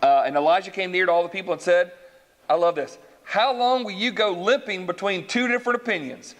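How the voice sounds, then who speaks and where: A man's voice: high voice, a little fast. A man preaching a sermon, reading scripture aloud and acting out the voices of its characters while asking his listeners questions. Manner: animated, acts out voices in the story, asks the congregation questions. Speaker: pastor.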